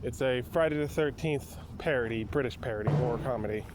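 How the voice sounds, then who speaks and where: A man's voice: mid-range voice, brisk, noisy background. A man giving a casual, rambling movie review full of restarts and asides.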